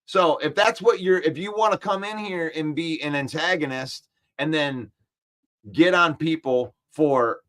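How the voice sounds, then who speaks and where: Male sports-stream host, fairly high-pitched, animated and combative. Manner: animated, argumentative, repeats points for emphasis. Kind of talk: casual live-stream chat, reading comments.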